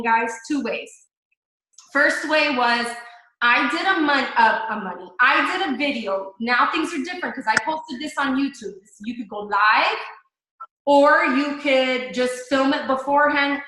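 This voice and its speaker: A woman's voice: high-pitched, bright, forceful tone, very echoey, rough recording. A woman in a chatty, upbeat coaching talk on a live video call, speaking straight to her team. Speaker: network marketing coach.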